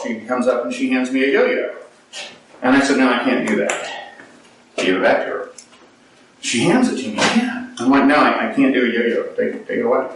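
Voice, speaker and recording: A man in his forties tells a personal story to a live crowd, animated and self-mocking, slipping into the voices of the people he quotes. His voice sits at an ordinary middle pitch. He is picked up from a distance in a very echoey room. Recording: echoey hall, distant mic.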